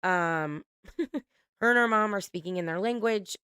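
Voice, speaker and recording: A woman's voice: mid-range voice, a little slow, pushed and bright, smooth, no room sound, clean studio sound. A woman hosting a casual reality TV recap, chatty, laughing often and swearing casually.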